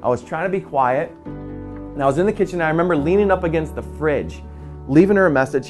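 A man in his forties, a pastor, telling an earnest personal story in a quiet, soft-spoken way. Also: on the high side, expressive, fairly quick. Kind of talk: personal testimony in a church video. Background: soft guitar music.

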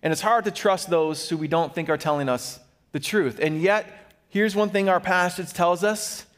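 A man preaching a sermon as a pastor, animated, acting out the Bible figures he quotes. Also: high voice, normal speed, in a large hall.

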